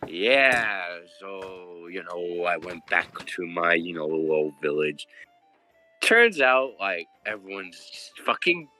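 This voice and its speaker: A drunk young paladin slurs and swears through his rambling talk, his voice bright and his pitch swinging widely, as a man puts him on. He is a nervous figure in a tabletop game, slow in his speech. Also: expressive, faint music behind, full character voice.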